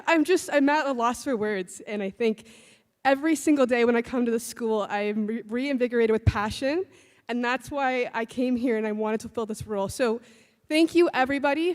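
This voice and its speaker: Young woman, high-pitched, tearful and halting, thanking supporters after winning a student election; reverberant hall. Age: young adult. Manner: halting, grateful, restarts often. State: emotional, tearful. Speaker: newly elected student president. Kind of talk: emotional acceptance speech. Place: large hall. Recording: long reverb in a large hall.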